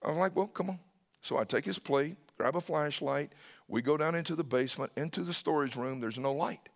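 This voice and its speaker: A man's voice: fairly high pitch, a little fast, creaky, long reverb tail. A middle-aged man preaching a sermon as a pastor, telling a family story, acting out the dialogue, and sometimes dropping to a whisper.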